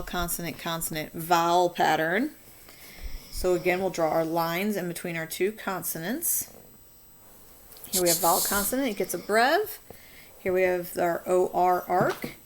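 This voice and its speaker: A woman's voice: on the low side, a little hiss or hum. A woman teacher talking students through a phonics coding lesson, patient and encouraging.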